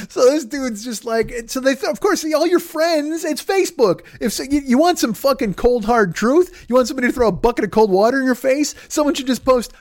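A high-pitched man rants on his podcast, swearing freely and mocking people with put-on voices. His voice is recorded close and dry, with no room sound around it. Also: expressive, fairly quick, no room sound. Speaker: podcast host. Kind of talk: profane comedic rant.

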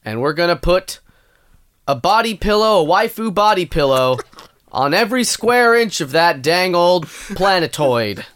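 A man's voice: high-pitched, animated, measured pace, fairly bright tone. A man putting on a pompous, grandiose tech billionaire in a casual podcast bit.

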